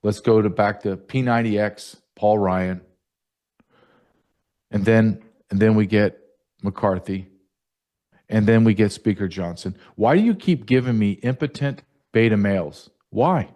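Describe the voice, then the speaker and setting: A man's voice: on the low side, measured pace, dark tone. A man hosting a political commentary show, combative and mocking, firing off rhetorical questions. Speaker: show host.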